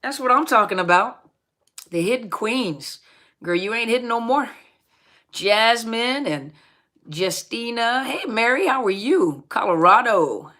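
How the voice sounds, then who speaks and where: A woman's voice: on the high side, animated, a little slow, pushed and bright. A middle-aged woman hosting a live question-and-answer stream, casually and cheerfully greeting viewers by name and laughing often. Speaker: host of a live Q&A on narcissistic abuse.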